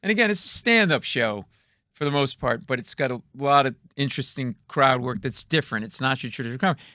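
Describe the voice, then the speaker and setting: A man's voice: mid-range voice, expressive, sharp tone, no room sound. A middle-aged man, a comedian guest, telling stories in a radio studio and acting out the people in them. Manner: acts out quoted voices, punchy and quick. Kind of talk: animated comedic storytelling.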